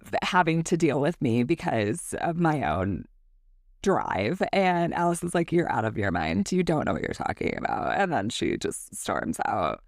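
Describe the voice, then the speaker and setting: A woman's voice: sits low, sing-song, unhurried, gravelly, no echo, studio quality. A woman co-hosting a book podcast, casually recapping the plot and acting out characters' lines with plenty of swearing. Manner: retells scenes with acted-out quotes, swears freely.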